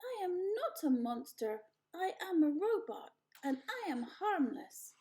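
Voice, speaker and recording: A woman's voice: very high voice, slow pace, pitched above the performer's own voice, exaggerated voice. A woman putting on a stiff polite robot. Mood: calm. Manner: formal, flat robotic delivery.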